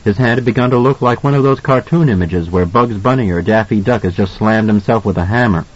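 A man narrating an audiobook in an expressive storytelling manner. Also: on the low side, brisk, slightly rough, muffled recording. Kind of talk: scripted narration.

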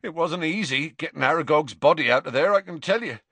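Guy doing a big weepy gamekeeper, rustic talk, voice swinging high and all over, choked up. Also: animated, brisk, a bit bright, dry recording. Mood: emotional. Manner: rough rustic dialect speech, choked with tears. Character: huge grieving gamekeeper man, soft-hearted, tearful.

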